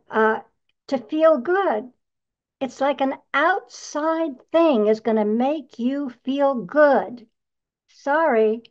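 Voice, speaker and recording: Unhurried upbeat woman in her nineties. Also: fairly high pitch, a little mellow, highs cut off. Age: 90s. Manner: earnest and upbeat, with rhetorical questions to the listener. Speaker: podcast host. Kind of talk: motivational talk.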